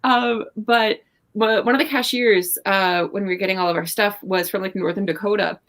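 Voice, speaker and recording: A woman's voice: mid-range voice, fairly even intonation, normal speed, a bit bright. A young woman from Canada with a Canadian accent, chatting casually as co-host, with lots of fillers. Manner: chatty, many fillers and likes. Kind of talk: casual chat.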